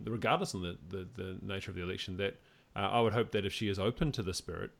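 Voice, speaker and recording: A man from Australia hosting a casual podcast, talking in a rambling way with many fillers and restarts, reading news stories aloud. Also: lowish voice. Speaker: podcast host.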